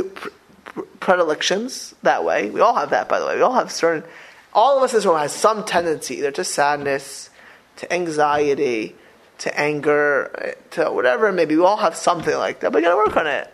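Animated high-pitched rabbi teaching. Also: male voice, moderate pace, creaky. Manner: animated, repeats words, exclamatory rhetorical questions. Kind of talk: Torah class.

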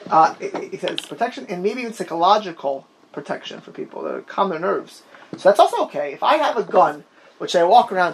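Man, torah class teacher, lively swooping pitch, digressive, faint hiss. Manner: animated, digressive, quick bursts of storytelling. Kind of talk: informal Talmud class discussion.

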